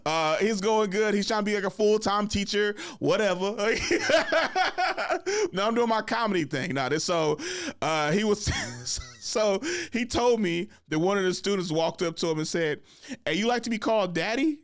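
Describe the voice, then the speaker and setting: A man's voice: sits high, expressive, unhurried, a bit bright. A young man hosting a casual podcast, loose and joking, swearing freely as he tells stories. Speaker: podcast host.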